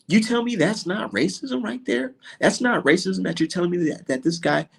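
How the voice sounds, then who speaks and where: A man delivers a heated, profane commentary rant, piling on sarcastic rhetorical questions. His voice is slightly husky, and his pitch swings dramatically as he works himself up.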